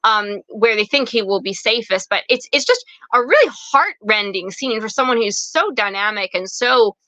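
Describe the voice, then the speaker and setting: A woman's voice: fairly high pitch, lively intonation, normal speed, pushed and bright, dry recording, poor audio. A young adult woman from the United States, a guest author retelling a historical story with dramatic flair and frequent fillers.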